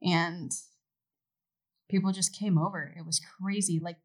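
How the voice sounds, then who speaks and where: A middle-aged woman from Oregon, a podcast guest in casual chat, telling animated stories with frequent laughs and the odd swear word. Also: fairly low pitch, unhurried, low-quality recording.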